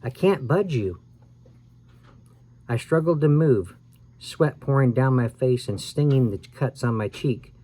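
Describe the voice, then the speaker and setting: Male storyteller, mid-pitched voice, expressive read-aloud of a spooky kids' book, small self-corrections. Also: a little slow. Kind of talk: dramatic read-aloud of a scary children's story.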